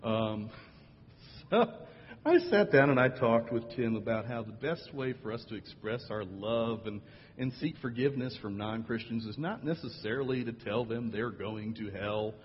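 A man's voice: mid-range voice, normal speed, a little hiss or hum. Man preaching in a reverberant hall. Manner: storytelling with acted quotes, dry humor. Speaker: pastor. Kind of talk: sermon story. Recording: dull audio with long hall reverb.

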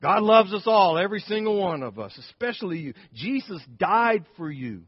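A man's voice: on the high side, expressive, measured pace, long reverb tail, lo-fi sound. A man voicing an older Christian grandmother, firm and kindly, speaking in an earnest, emphatic way. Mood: tender.

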